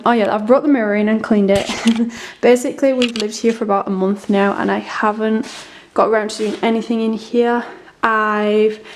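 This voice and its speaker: A woman's voice: on the high side, darkish tone. A young woman chatting casually in a home vlog, rambling with lots of ums and restarts. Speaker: vlogger. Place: home rooms. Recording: echoey room, faint noise.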